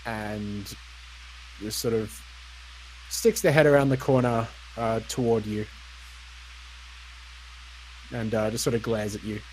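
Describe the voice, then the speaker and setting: Slow, hesitant man narrating a game. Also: on the low side, fairly even intonation, a little mellow, a little hiss or hum, rough recording. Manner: unhurried, lots of ums and uhs. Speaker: dungeon master.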